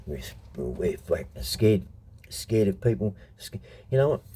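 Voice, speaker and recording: A man's voice: on the low side, very animated, a little slow, dark tone, a little hiss or hum. A middle-aged Australian man in a blunt, profane, heated monologue, telling stories from his past as a show host. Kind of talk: unscripted monologue.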